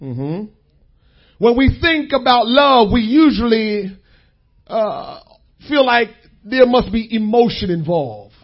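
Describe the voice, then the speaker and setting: A man preaching a sermon, repeating key lines and calling out to the congregation in drawn-out phrases. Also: very high-pitched, sing-song, dull audio.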